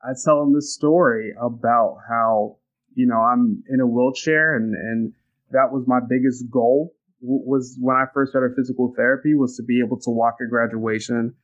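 A man's voice: mid-range voice, steady tone, moderate pace, muffled recording. A young man telling a personal story in casual conversation, reflective and earnest, often restarting his sentences. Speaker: guest.

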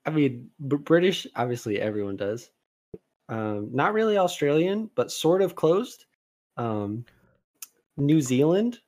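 A man co-hosting a podcast in casual chat. He rambles with lots of fillers and has sudden animated bursts. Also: a little high, a little slow. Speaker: podcast co-host.

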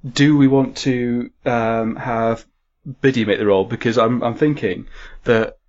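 A man's voice: medium pitch, steady tone, a little slow, a little mellow. A man, running a comedic tabletop game as game master. He giggles often and stumbles over repeated words. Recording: slightly muffled lo-fi audio.

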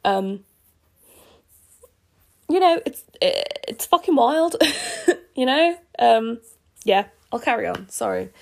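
A woman's voice: on the high side, very animated, takes it slowly, vocal fry, long pauses. Young woman, casual and candid, prone to ranty asides. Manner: chatty, swears, laughs at herself, goes off on rants. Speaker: reader of her old fan fiction. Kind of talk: casual reading and commentary.

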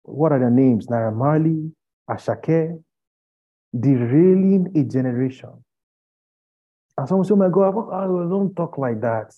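A man preaching an impassioned sermon, firing rhetorical questions at his listeners and rising to loud pleading. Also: medium pitch, breathy edge. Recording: dull lo-fi recording.

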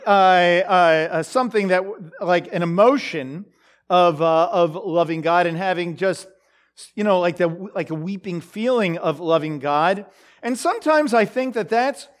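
High-voiced man teaching scripture. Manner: halting, full of fillers and restarts, asks the listeners questions. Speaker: preacher. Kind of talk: conversational Bible teaching.

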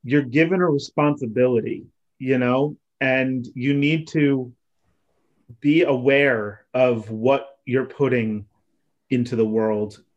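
A man co-hosting a podcast, speaking in a measured, halting way with many fillers. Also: mid-range voice, fairly even intonation. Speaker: podcast co-host. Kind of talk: casual chat. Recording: dull lo-fi audio.

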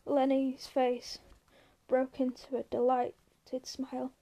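Woman, audiobook narrator, high pitch, mellow tone, steady even reading. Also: unhurried, low-quality recording.

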